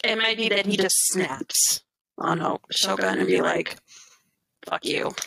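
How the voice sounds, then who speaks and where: This woman co-hosts a casual podcast, talking in an animated way and breaking into laughter often. She acts out other people's lines as she goes. The recording is dry and close, with almost no room sound. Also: mid-range voice, a little slow, vocal fry, no echo, low-quality recording. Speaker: podcast co-host. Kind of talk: casual chat recapping wrestling shows.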